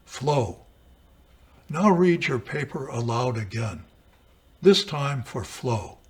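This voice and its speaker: A man reading a lesson on composition aloud in a measured, deliberate way. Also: mid-range voice, husky. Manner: measured, deliberate, with dramatic emphasis on quotations. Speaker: writing teacher. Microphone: camera mic.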